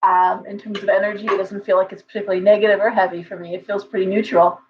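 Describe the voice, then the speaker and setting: A woman's voice: mid-range voice, little pitch movement, quick pace, muffled recording. A woman hosting a casual livestream from home, chatting in a rambling way with viewers and her pet bird. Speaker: livestream host and tarot reader.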